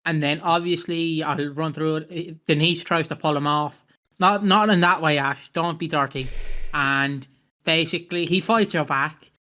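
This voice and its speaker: A man's voice: on the high side, steady tone, moderate pace, sharp tone. A British man co-hosting a podcast, casually walking through a soap scene step by step. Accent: British English. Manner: laid-back, walks through the scene step by step. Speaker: podcast co-host. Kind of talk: casual chat recapping a soap episode.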